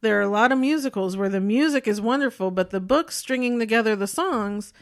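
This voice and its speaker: A woman co-hosting a podcast in casual chat, animated and opinionated, often laughing as she talks. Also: fairly high pitch, brisk. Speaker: podcast co-host.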